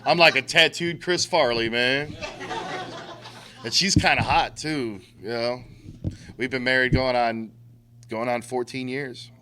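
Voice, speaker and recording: A man's voice: medium pitch, fairly even intonation, unhurried, long pauses, a crowd in the background. A middle-aged man giving a blunt, profane talk to a recovery group, using street slang and acting out quotes. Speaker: recovery speaker.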